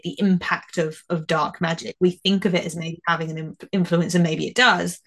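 A woman co-hosting a podcast, chatting casually and with animation as she reviews a TV episode, often restarting her sentences. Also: fairly low pitch. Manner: chatty, animated, trails off and restarts, laughs easily. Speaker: podcast co-host.

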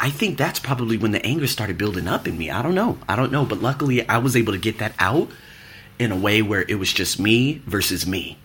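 A man's voice: low voice, a bit bright, slightly rough. A man in his thirties telling a candid, rambling personal story as a podcast host, full of fillers and restarts.

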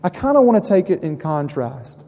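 A young man preaches a conversational sermon, and his slightly high voice rings out through a church sanctuary. He swings between soft, quiet asides and rising emphasis, and a long reverb trails behind his words. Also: sing-song, moderate pace. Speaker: pastor.

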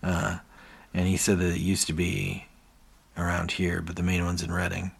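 A man's voice: sits low, completely flat delivery, normal speed, gravelly, slight background noise. A man co-hosting a podcast, retelling scenes in casual chat and acting out the characters' lines between laughs. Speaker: podcast co-host.

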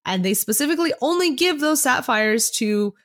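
A woman co-hosting a podcast, excitedly recapping a novel in casual chat and swearing casually along the way. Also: high voice, moderate pace. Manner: animated, excitable storyteller who swears casually. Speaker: podcast co-host.

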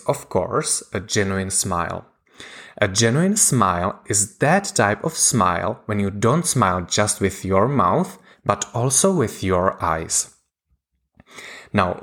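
A man with a lowish voice narrates a scripted lesson like a communication coach. He talks slowly and deliberately, pausing between points. His pitch moves a lot from phrase to phrase. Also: fairly bright tone.

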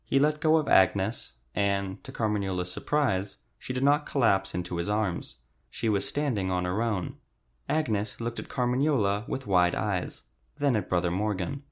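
A man narrating an audiobook in a steady, even reading voice. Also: on the low side, normal speed. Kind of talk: scripted narration.

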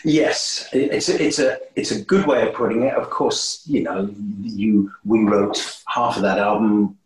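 A man guesting on an interview, telling stories in a lively, animated way with many restarts. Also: unhurried. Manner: animated, swooping pitch, frequent restarts. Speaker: guest musician. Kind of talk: casual interview storytelling. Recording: roomy echo.

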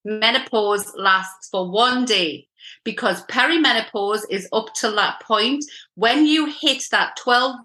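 Bright, straight-talking woman coach. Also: a little high, slow. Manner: straight-talking, explains with repeated "okay?" checks. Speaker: menopause coach, guest. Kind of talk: podcast interview.

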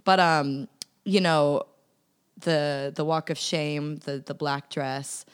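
Female podcast guest, deep for a woman, playful storyteller. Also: steady tone, slow pace, clean tone. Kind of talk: casual chat.

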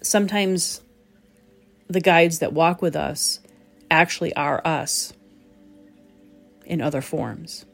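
A woman hosting a reflective spoken talk as a medium, gentle and pausing to search for the right words. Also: sits low, vocal fry, soft background music. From southern New England. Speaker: psychic medium, host.

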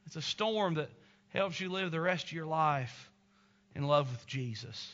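A man's voice: a little high, lively intonation, slow pace, long pauses, a bit bright. Male pastor, emphatic sermon delivery, somewhat lo-fi sound. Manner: earnest, emphatic, tender. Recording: slightly dull lo-fi recording.

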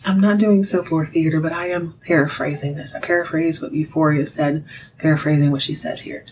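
A woman hosting a podcast, recapping a soap opera episode in a sassy, animated storytelling way, with direct asides to her listeners. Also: low voice, a little fast, a little hiss or hum, poor audio. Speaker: podcast host.

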